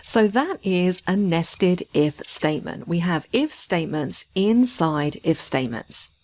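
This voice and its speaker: Lively-voiced woman teaching a spreadsheet lesson. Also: fairly low pitch, unhurried. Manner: patient, step-by-step explaining. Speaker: software instructor. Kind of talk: screen-recorded tutorial narration.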